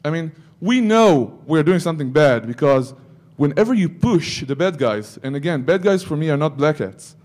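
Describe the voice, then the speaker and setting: A man's voice: fairly high pitch, lively intonation, normal speed, hardly any pauses, a little mellow. A man giving a security conference talk, breaking into joking asides to the audience. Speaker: conference speaker.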